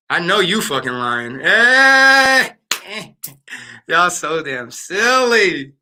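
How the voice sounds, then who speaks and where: A man's voice: a little high, bright, forceful tone. A man hosting a live stream, chatting casually and playfully with his viewers in slangy talk. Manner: playful, slangy, talks to the chat. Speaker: livestream host.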